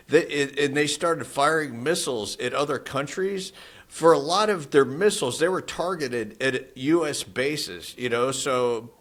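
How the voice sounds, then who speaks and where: A man's voice: medium pitch, a bit bright. A man co-hosting a political podcast, talking casually and skeptically with frequent restarts. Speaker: podcast co-host.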